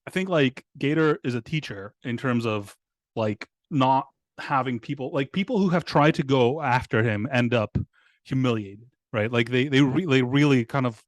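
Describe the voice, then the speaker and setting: A man talking as a podcast guest in casual conversation, halting with many restarts and fillers and laughing often. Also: medium pitch, no echo, studio quality.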